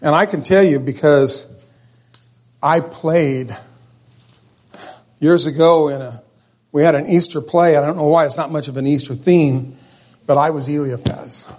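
Husky-voiced man preaching conversationally. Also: fairly high pitch, measured pace, pauses often. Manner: conversational storytelling preacher, self-correcting, animated. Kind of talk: sermon.

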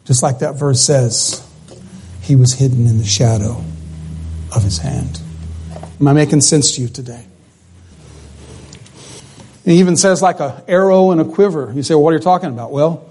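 Husky-voiced male preacher. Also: medium pitch. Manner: animated preaching with rhetorical questions, voice rising and falling. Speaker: pastor. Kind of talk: sermon.

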